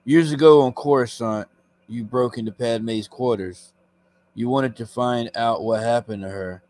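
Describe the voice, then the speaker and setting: Stern male dark lord, slow menacing lines, a man reading aloud. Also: mid-range voice, natural voice.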